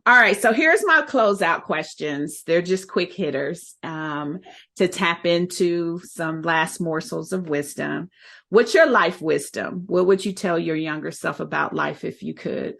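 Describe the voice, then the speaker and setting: A woman hosting a podcast, her voice sitting low with a gravelly edge. She affirms her guest often and asks her questions in an encouraging way. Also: unhurried, fairly bright tone. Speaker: podcast host. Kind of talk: podcast interview.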